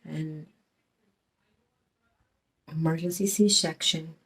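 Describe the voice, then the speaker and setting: A woman's voice: sits low, steady tone, very slow, fairly bright tone, slightly rough. A middle-aged woman telling a personal story in a rambling, emotional way, swearing often and restarting her sentences. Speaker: storyteller recounting her past.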